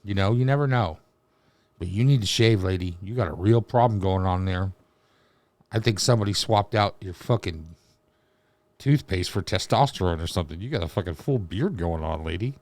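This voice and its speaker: A man's voice: low voice, moderate pace, darkish tone, dry recording. A man hosting a reaction video, ranting in a crude, mocking way with constant swearing. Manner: crude, mocking, rambling rants with heavy swearing. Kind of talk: profane reaction commentary.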